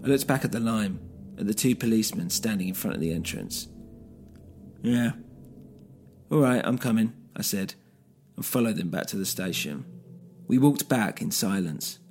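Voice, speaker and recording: Male narrator, first-person story, gravelly, steady, music bed. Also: on the low side, normal speed. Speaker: narrator and podcast host.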